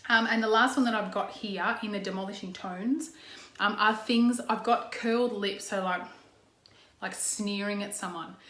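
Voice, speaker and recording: A woman's voice: mid-range voice, fairly bright tone. An Australian woman in a casual talk to camera as a parenting coach, chatty, with frequent "okay" and "um", acting out example tones. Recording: echoey room.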